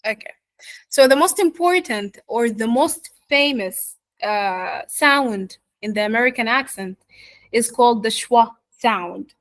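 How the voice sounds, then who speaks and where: A woman teaching an online pronunciation lesson, speaking slowly with many fillers and checking in with "yeah?" and "okay?", her first language Arabic. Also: fairly high pitch, expressive, no echo. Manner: slow, many fillers, asks "yeah?" and "okay?" after points. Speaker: accent teacher.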